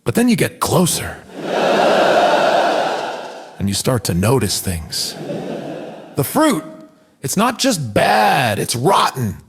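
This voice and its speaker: A man performing a mocking stand-up comedy monologue, breaking into high yelled impressions of shouting preachers. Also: wildly swooping pitch, slow pace, pauses often, slight background noise.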